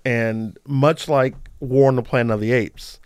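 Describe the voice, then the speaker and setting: A man's voice: mid-range voice, steady tone, a little slow, a little mellow, smooth, no echo, studio quality. A man appearing as a guest on a movie podcast, easygoing and a bit hesitant. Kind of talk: casual movie chat.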